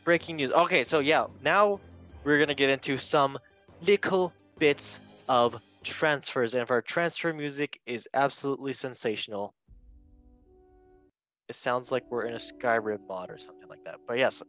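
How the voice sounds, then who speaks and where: A man's voice: medium pitch, moderate pace, a bit bright, soft background music, low-quality recording. A man hosting a casual football podcast, chatty and joking, correcting himself as he reads through transfer news. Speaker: podcast host.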